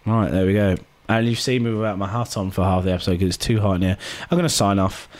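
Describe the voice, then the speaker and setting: A man's voice: sits low, fairly even intonation, fast. A man hosting a casual podcast, rambling and joking, swearing often. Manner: swears a lot, rambling and jokey. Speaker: podcast host. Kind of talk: casual chat. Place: hot indoor room.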